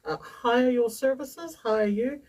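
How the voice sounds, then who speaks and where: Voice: mid-range voice, slow, a little mellow, far from the mic, low-quality recording. A radio show host who asks questions in a casual interview and adds short encouraging interjections. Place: radio studio.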